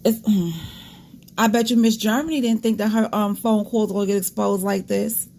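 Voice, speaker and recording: Gravelly-voiced woman vlogger, blunt commentary. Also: medium pitch, fairly even intonation, moderate pace, darkish tone. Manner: candid, disgusted asides, talks straight to viewers. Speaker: commentary channel host. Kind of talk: casual commentary vlog.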